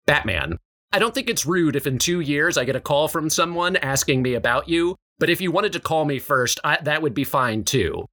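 A man co-hosting a comedy podcast, telling absurd made-up scenes in a deadpan way. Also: on the high side, a little fast, hardly any pauses. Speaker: podcast co-host. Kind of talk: comedic improvised scene reading.

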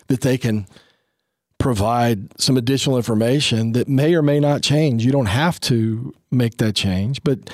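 A man's voice: mid-range voice, unhurried, no room sound, studio quality. A man in his fifties giving casual, earnest parenting advice, acting out family dialogue as he goes. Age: 50s.

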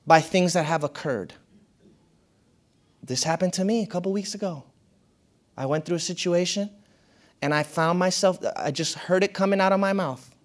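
This is a man giving a motivational talk to an audience in a chatty style, frequently laughing. He alternates between quiet, low murmurs and bursts of excitement.

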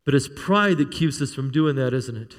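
A man's voice: mid-range voice, expressive, normal speed, in a large hall. A middle-aged male pastor preaching a sermon, telling stories with humor and asking the church for amens. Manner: storytelling with humor, calls for amen.

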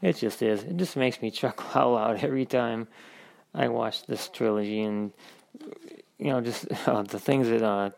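Male caller from Florida, very gravelly voice, upbeat, rambling message with fillers. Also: mid-range voice, moderate pace, darkish tone. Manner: upbeat, chatty, with many fillers. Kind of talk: recorded voice message.

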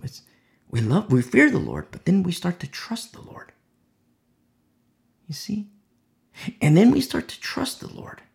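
A man delivers an informal Bible teaching with a gravelly edge to his slightly high voice. His pitch swings widely as he drops into the voices of the people in his story. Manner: acts out voices of imagined onlookers in a lively storytelling way. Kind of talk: informal sermon.

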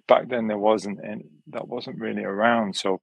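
A man from Wales, a yoga teacher and musician, talking as a podcast guest in a relaxed, rambling way. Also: lowish voice, normal speed, gravelly, husky, no echo, muffled recording. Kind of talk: relaxed conversational interview.

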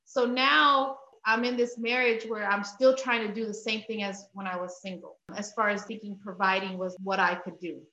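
Guest, woman in her 30s, candid faith talk, bright voice, roomy slightly dull audio. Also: mid-range voice, normal speed, few pauses, a little hiss or hum. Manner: animated storytelling, acts out her own past lines in a rising voice. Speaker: interview guest. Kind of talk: candid faith-based conversation.

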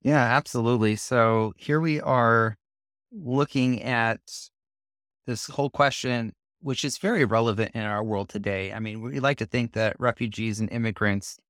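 Man, co-host, calm explanatory Bible talk, mid-pitched voice, dry close sound. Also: dry recording. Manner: measured, explanatory. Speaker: co-host of a Bible study show. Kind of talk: Bible lesson discussion.

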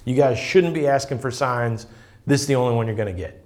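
A man voicing a stern teacher who refuses a crowd's demand for signs, in a brisk and dismissive way. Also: mid-range voice, a little mellow, voice pushed down, natural voice.

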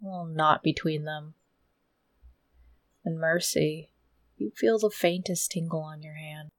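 A woman narrating a tabletop game as game master in a slow, low-key descriptive way. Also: steady tone, no room sound.

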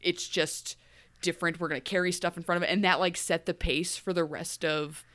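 This podcast co-host has a lowish voice and a brisk delivery. She's animated as she rambles through a casual recap of a TV episode, acting out quoted lines along the way.

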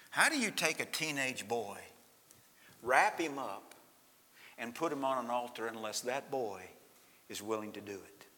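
Male pastor preaching with a sharp, tense edge, swinging loud and hushed, reverberant church hall. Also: medium pitch. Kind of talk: sermon.

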